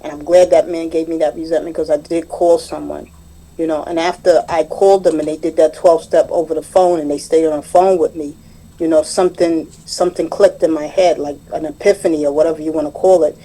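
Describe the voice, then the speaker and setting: A woman's voice: deep voice, steady tone, brisk, warm tone, low-quality recording. A woman sharing her story at a recovery group meeting, rambling along and retelling conversations with many "I said.". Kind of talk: personal share at a recovery meeting. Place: meeting room, recorded online.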